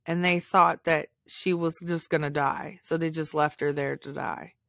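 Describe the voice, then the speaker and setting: A woman's voice: low voice, steady tone, unhurried, creaky, a bit bright, no echo, studio quality. A woman hosting a podcast, telling a personal story in an emotional, heartfelt way. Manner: emotional, heartfelt, tearful at times. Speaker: podcast host.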